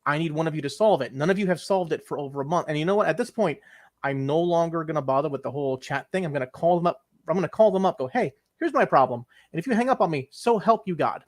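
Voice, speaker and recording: A young man with a slightly higher-than-usual voice rants through a casual podcast chat. He swears freely and acts out his frustrating calls to tech support. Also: fast talker. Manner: exasperated ranting, swearing, acting out phone calls. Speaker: podcast co-host.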